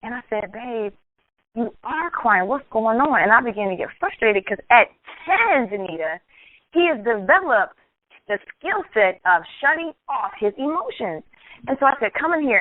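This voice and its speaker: A woman's voice: mid-range voice, no room sound. An earnest woman hosts a call-in radio discussion, telling a personal story with lots of restarts. Her voice sits in a mid register. It comes through a narrow, phone-like channel with no room sound at all. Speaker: radio talk show host. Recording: tinny phone-line sound, dry.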